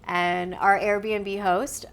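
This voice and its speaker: A woman, a podcast guest, telling a story in casual chat, animated and laughing often as she acts out what others said. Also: mid-range voice, drawn-out words.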